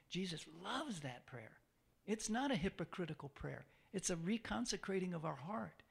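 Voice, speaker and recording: Guy preaching a sermon, kinda high voice with a gravelly edge, repeats stuff for emphasis. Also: very animated, moderate pace. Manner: conversational, repeats phrases for emphasis; asks the listeners questions.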